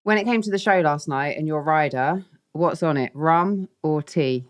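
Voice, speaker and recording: A woman's voice: deep voice, normal speed. A woman hosting a casual interview, playful and teasing as she prompts her guest. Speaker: interview host. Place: London.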